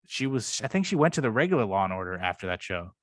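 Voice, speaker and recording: A man co-hosting a casual podcast chat, rambling and swearing freely, sometimes jumping higher to act out quotes. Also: very animated, quick pace, no room sound, studio quality. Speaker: podcast co-host.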